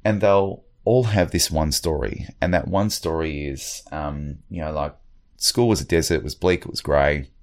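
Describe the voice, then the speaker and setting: Very deep-voiced man, halting. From Australia. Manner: hesitant, many fillers and restarts. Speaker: guest. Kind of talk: reflective interview talk.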